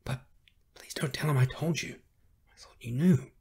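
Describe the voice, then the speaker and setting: A man narrating an audiobook, voicing a frightened old civilian man who talks in a hushed, trembling way. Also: mid-range voice, animated, normal speed, gravelly, husky, full character voice. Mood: fearful.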